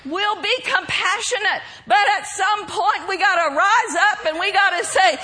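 A woman preacher delivering a sermon, bold and emphatic, breaking into shouted declarations. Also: very high-pitched, a little slow, hardly any pauses.

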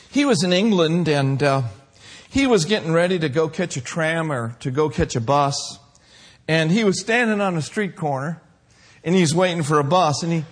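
Preacher man with a high voice, slow drawn-out emphasis, gets loud and fiery. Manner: emphatic, drawn-out declarations, rising to shouts. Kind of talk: sermon.

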